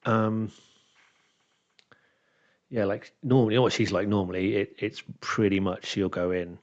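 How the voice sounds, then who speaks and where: A man who is a dungeon master and podcast co-host tells a game story in a casual chat, animatedly acting out what his players said. His voice is lowish and moderately paced, captured in a dull lo-fi recording.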